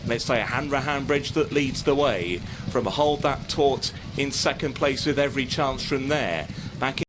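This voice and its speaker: A man's voice: medium pitch, a little slow, noisy background. Man calling a horse race. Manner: steady running call of the field. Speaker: horse racing commentator. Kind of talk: live race commentary.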